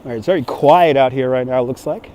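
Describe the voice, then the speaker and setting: A man's voice: medium pitch, fast talker, mellow. A man with a light New York accent giving a casual livestream walking tour outdoors, chatting with viewers' comments as he goes. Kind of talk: casual live-stream chat while walking. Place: city streets outdoors. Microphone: handheld phone on gimbal.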